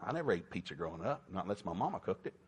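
A man's voice: deep voice, racing, husky. Folksy older male preacher. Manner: folksy, storytelling, lively with sudden emphatic bursts. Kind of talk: folksy sermon with stories.

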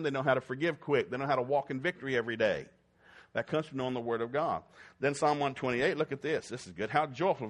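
Folksy joking male preacher. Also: medium pitch. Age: middle-aged. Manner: folksy, joking, swings from loud whoops to quiet talk. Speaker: pastor. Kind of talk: sermon.

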